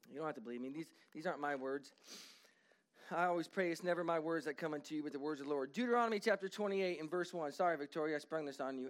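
A man preaching a sermon as pastor of his church. He drawls the scripture readings with emphasis and drops into quick asides to the congregation. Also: a little high.

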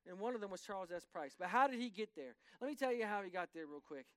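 A man's voice: high voice, animated, quick pace, fairly bright tone, no room sound. A man preaching a sermon to his congregation in bursts of rising emphasis, with asides to the room. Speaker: pastor.

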